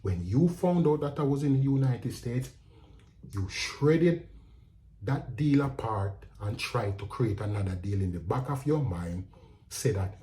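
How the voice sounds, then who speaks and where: A man's voice: medium pitch, a little slow. A man with a Jamaican accent telling a story in a casual, indignant tone that slips into patois. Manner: animated, indignant retelling, slipping into patois. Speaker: vlogger.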